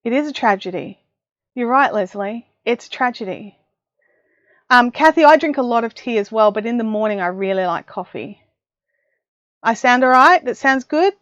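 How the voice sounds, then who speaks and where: A woman's voice: on the high side, lively intonation, normal speed, fairly bright tone, dry recording. A middle-aged woman with an Australian accent, hosting a casual craft livestream from her home craft room and chatting with viewers in a self-mocking way. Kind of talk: casual live chat. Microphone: desk mic, listening on headphones. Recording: dry, dull lo-fi livestream audio.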